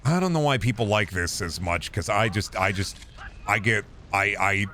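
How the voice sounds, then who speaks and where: A man in his thirties with a deep voice, chatting casually on a stream into a boom mic, rambling with many restarts and casual swearing. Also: normal speed, bright, forceful tone, a little hiss or hum. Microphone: boom microphone with compressor and EQ.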